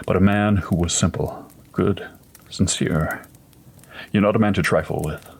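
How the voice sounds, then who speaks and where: A man reads a classic ghost story aloud, steady and unhurried. His voice is deep and low, with a husky, breathy grain to it. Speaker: narrator reading a story aloud. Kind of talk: storybook narration.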